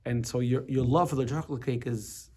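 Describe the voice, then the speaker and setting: A man's voice: medium pitch, steady tone, brisk, warm tone. A man teaching a casual class on a religious text, explaining with everyday examples, often restarting and repeating words.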